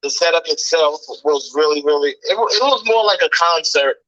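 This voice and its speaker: A man's voice: on the high side, animated, brisk, fairly bright tone, no echo. A man talking on a podcast, earnestly laying out his argument point by point. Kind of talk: casual chat. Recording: dry, muffled lo-fi audio.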